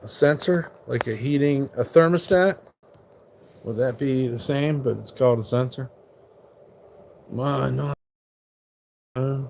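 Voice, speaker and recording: A man's voice: medium pitch, unhurried, gravelly, long pauses, darkish tone, a little hiss or hum. A man casually chatting on his live stream at home, swearing freely and teasing his dog about its food. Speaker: livestream host.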